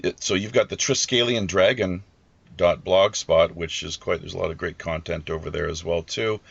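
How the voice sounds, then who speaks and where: A man hosting a live podcast, talking in a halting way with many restarts. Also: low-pitched, steady tone, creaky, husky, no room sound, dull audio. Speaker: podcast host.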